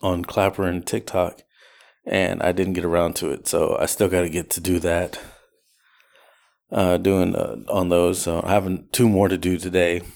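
A man's voice: deep voice, little pitch movement, moderate pace, creaky, darkish tone. A man hosting a podcast alone, telling a rideshare story in a rambling casual way with many fillers. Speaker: podcast host.

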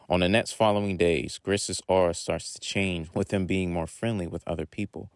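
A man reading a short story aloud in a plain, unhurried way. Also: low-pitched, steady tone, no echo.

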